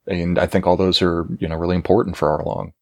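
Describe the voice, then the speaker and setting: Male co-host, very low voice, musing and careful, dry close mic. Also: level tone, quick pace, no echo. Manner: thoughtful, hedging, many fillers and restarts. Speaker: podcast co-host. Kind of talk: casual chat.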